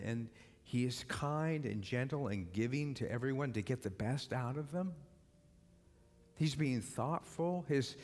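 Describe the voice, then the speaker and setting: With a fairly high, darkish voice, a man preaching as a minister in a church hall moves from stirring repeated calls to act into a story from his own life. The big space leaves a long reverb on the recording.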